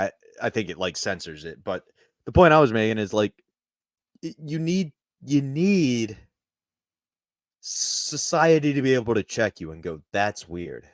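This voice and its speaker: A man's voice: mid-range voice, dry recording, studio quality. A man co-hosting a casual comedy show, trading crude jokes and banter. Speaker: podcast co-host.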